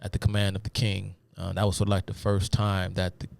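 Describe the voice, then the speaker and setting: Low gravelly guy rambling through a live stream lecture, lots of ums, dry sound. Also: monotone, fairly quick, no echo. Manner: rambling, many fillers, addresses viewers as y'all. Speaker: host of a live talk stream.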